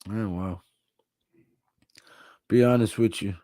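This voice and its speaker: A man's voice: lowish voice, steady tone, slow pace, dark tone, dry recording, clean studio sound. A tired man hosting a casual live stream, reading viewer comments aloud and chatting in a laid-back way. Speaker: livestream host.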